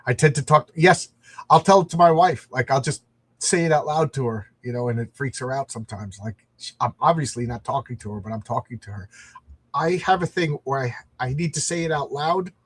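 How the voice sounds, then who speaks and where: A man's voice: medium pitch, fairly quick, slightly rough. A middle-aged man hosting a comic book show, chatting casually and rambling in a self-deprecating way. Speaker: comic podcast host.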